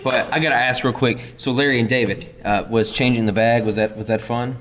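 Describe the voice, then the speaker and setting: Male co-host, mid pitch, relaxed casual chat. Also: a little fast, a little hiss or hum. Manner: relaxed, easygoing, fillers. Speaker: podcast co-host.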